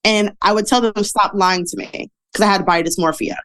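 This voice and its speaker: A woman guest on a podcast, telling stories casually and acting out the voices of people she quotes. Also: fairly quick. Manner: animated, acts out quoted voices with big pitch jumps. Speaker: podcast guest, model and speaker. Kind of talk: casual interview storytelling.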